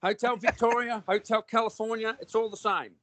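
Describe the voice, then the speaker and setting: A man's voice: sits high, fairly even intonation, fairly quick, fairly bright tone, no echo. A man with an Australian accent in casual conversation, talking bluntly and rambling with lots of restarts and slang.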